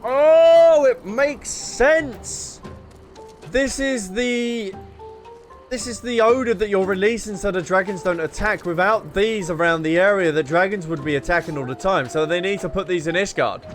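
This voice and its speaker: A young man casually commenting on a game he is playing, joking and excitable. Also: high voice, measured pace. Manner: jokey, excitable, laughing asides. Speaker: streamer. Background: faint game music.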